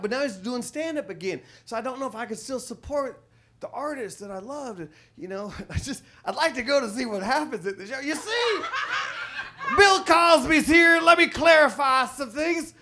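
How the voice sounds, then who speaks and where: A man performing a crude stand-up comedy set on a club stage, telling ornery stories with sudden loud outbursts. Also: sits high.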